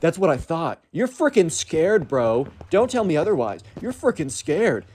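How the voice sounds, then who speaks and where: A man voicing a cocky, insecure teenage emo boy who talks in a whiny, defiant, drawn-out way. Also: a little high, sing-song, darkish tone, slightly rough, pitched above the performer's own voice.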